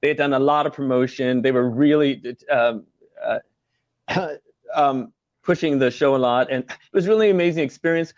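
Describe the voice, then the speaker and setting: A man's voice: medium pitch, moderate pace, dry recording, dull audio. A middle-aged man, a former musical performer, telling stories as an interview guest in a chatty way, laughing often and using many fillers. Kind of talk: casual video-call interview.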